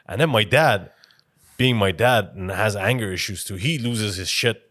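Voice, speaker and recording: Animated young man, mixed Iranian-English accent. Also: fairly low pitch, a little fast, no room sound, clean studio sound. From Iran. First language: Farsi. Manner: animated, swears freely, laughs through stories. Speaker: podcast co-host. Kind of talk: casual storytelling chat.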